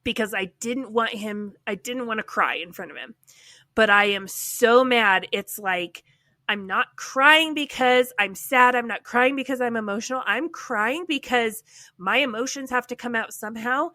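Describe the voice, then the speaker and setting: Bright-voiced woman telling a story. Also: fairly high pitch, normal speed, dry recording. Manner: animated, heavy use of "like". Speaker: podcast co-host. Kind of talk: casual storytelling chat.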